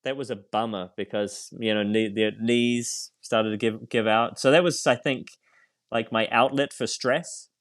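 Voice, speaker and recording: A man who is a priest, a podcast guest, telling his story candidly in a reflective, halting way with fillers and light self-mocking laughs. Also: medium pitch, steady tone, no room sound, clean studio sound.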